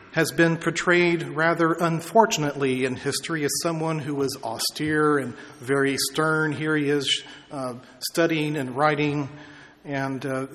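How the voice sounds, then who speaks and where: A male pastor giving a measured sermon, stretching out key words for emphasis, in a church sanctuary. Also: fairly high pitch, fairly bright tone. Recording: long reverb of a large hall.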